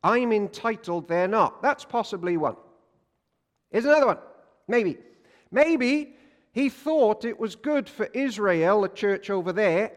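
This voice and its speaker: High-voiced preacher in an echoing hall. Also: male voice. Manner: animated, jokey, asks the congregation questions. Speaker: pastor. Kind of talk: sermon. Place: church. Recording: long reverb of a church hall.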